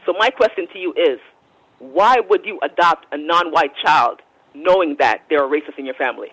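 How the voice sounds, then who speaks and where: A woman's voice: sits low, animated, moderate pace, a bit bright, breathy edge, no room sound, low-quality recording. A woman calling in to a radio show, pressing the guest with probing, skeptical questions. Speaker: caller.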